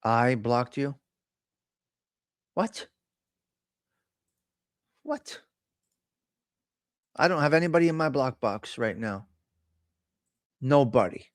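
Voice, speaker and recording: A man's voice: on the high side, lively intonation, slow pace, long pauses, dry recording, clean studio sound. A man hosting a casual live stream, talking bluntly with a lot of profane trash talk. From Italian American. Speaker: host.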